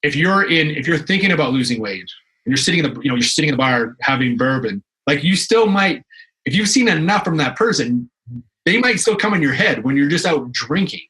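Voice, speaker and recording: A man's voice: fairly high pitch, expressive, fairly quick, pushed and bright, rough recording. A young adult man from Canada, a fitness professional guest in a casual interview, telling stories animatedly with frequent restarts and fillers.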